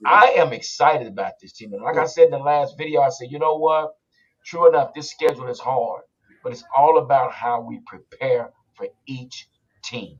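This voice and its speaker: A man hosting a casual sports podcast, talking in an animated, rambling way. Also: on the high side, dull audio. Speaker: podcast host.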